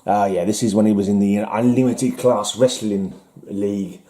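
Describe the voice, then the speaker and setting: A man's voice: on the low side, normal speed, mellow, roomy sound. A man casually rambling through his comic haul, musing aloud and mocking himself as he goes. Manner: musing, self-mocking, trailing off. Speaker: comic collector showing a haul.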